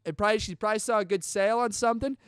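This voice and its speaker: A young man hosting a podcast, excitedly telling a personal story in casual chat, full of dude and bro. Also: high voice, rapid-fire, clean tone, dry recording, studio quality. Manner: chatty and excitable, peppers talk with dude and bro. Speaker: podcast host.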